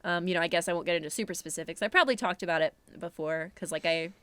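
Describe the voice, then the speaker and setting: Young woman, podcast co-host, lowish smooth voice, dry close sound, candid reflective chat. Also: very fast, fairly bright tone. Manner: candid, reflective, casual with mild swearing.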